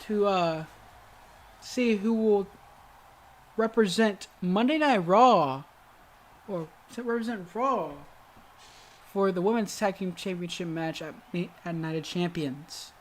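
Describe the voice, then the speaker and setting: A woman hosting a gaming video gives play-by-play commentary on a wrestling video game, calling moves with sudden excited exclamations amid frequent hesitant fillers and self-corrections. Her voice is medium-pitched, and she goes slowly, pausing often.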